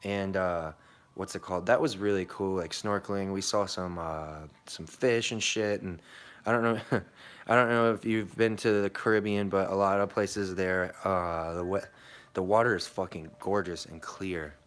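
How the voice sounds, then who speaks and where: A man's voice: low voice, steady tone, normal speed. A young American man telling a long story in a casual vlog, rambling and swearing, with many fillers and restarts. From United States. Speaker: vlogger.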